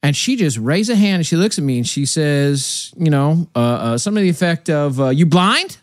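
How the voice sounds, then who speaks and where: A man's voice: fairly high pitch, brisk, dry recording, clean studio sound. A man telling stories in a casual group chat, full of restarts and acted-out quotes. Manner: animated storyteller, many restarts and voiced quotes.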